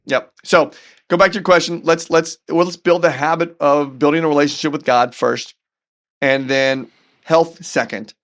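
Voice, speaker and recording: A man as a podcast guest telling a personal story in an animated, earnest way, often repeating words as he goes. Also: on the high side, normal speed. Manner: faith-centered, earnest. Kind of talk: storytelling in conversation.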